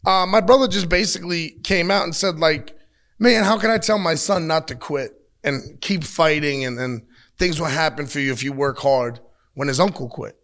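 A man in his thirties, a wrestler giving an interview, talking bluntly and with lots of swearing as he tells animated stories. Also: fairly high pitch, moderate pace. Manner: blunt, profane, animated storytelling. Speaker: pro wrestler, interview guest. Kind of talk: casual interview talk. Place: at a wrestling show taping.

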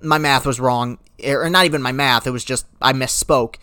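A solo sports podcaster delivers an indignant rant, sliding from wry self-correction into loud, exasperated outbursts. The voice sits at an ordinary mid pitch. It is recorded close and dry, with no room sound. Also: normal speed, clear, resonant tone, no echo. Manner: impassioned, indignant ranting with rising outbursts; self-deprecating, perfectionist asides.

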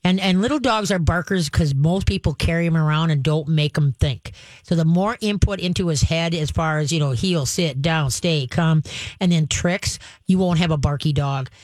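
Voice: mid-range voice, normal speed, no room sound. A radio call-in host and dog trainer giving folksy, emphatic step-by-step advice to a caller.

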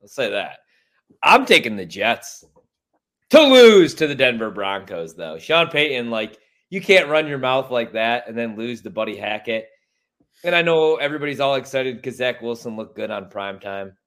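A man from Chicago trading sports picks on a talk show. He swears constantly and throws out blunt opinions, and his pitch swings widely as he gets worked up. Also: moderate pace. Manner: profane, animated and opinionated. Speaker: sports radio host. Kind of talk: casual sports chat.

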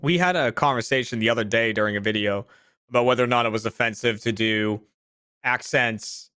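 Man, casual podcast chat, animated storyteller, dry close sound. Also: mid-range voice, brisk, smooth, no echo. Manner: animated storyteller who laughs mid-sentence. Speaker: podcast regular.

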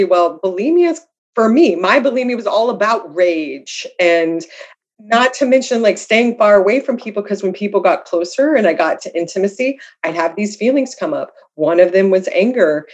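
A woman speaking as a guest author, telling her own story candidly and reflectively, with self-deprecating humor. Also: mid-range voice. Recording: slightly dull lo-fi audio.

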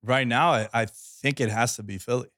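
A man's voice: medium pitch, moderate pace, a bit bright, dry recording, studio quality. A man co-hosting a casual sports chat, loose and slangy in his talk. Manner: loose and slangy, says yo, dude, bro. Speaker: co-host.

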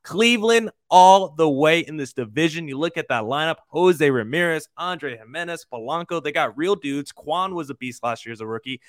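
A man co-hosting a sports talk show, giving emphatic, quick opinions. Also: on the high side, lively intonation, no echo, clean studio sound. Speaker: podcast co-host. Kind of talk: casual sports chat.

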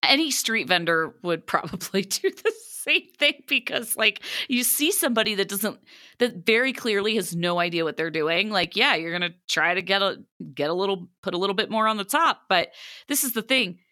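A woman co-hosting a podcast in casual chat, emphatic and quick to laugh. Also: medium pitch, animated, sharp tone, dry recording, clean studio sound. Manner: chatty, laughs often, emphatic. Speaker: podcast co-host.

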